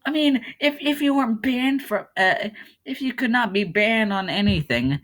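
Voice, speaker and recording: A man's voice: very high-pitched, expressive, normal speed, a bit bright. A man giving casual commentary on a web game, rambling and mocking himself, often breaking into laughter. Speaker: YouTuber playing a web game.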